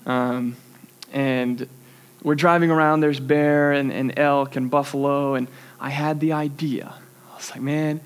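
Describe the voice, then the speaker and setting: A young man preaching a sermon, telling a story animatedly and laughing at himself. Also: medium pitch. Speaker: youth pastor.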